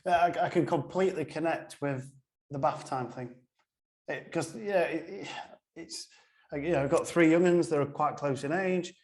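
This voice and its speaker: Male host, chatty, slightly high voice, roomy echo. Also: normal speed, a little mellow. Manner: chatty, laughs along. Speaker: podcast host. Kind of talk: podcast interview. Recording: echoey room.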